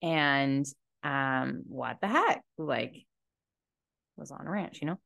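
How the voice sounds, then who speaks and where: A young woman with a stuffy cold and low energy, talking to camera in a slow, reflective personal monologue with many fillers, seated indoors in a chair. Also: lively intonation, creaky, no room sound, studio quality. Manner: slow, slumped, soft-spoken musing with many fillers. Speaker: podcast host and tarot reader.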